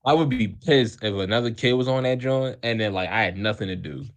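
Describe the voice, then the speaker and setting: A male podcast co-host with a fairly low voice talks briskly about his childhood. The story rambles, full of restarts and fillers, and he laughs often.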